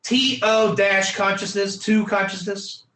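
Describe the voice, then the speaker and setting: A man's voice: high voice, steady tone, measured pace, sharp tone, roomy sound. A man teaching a Torah class in an emphatic, repetitive lecture style, quizzing his students by name.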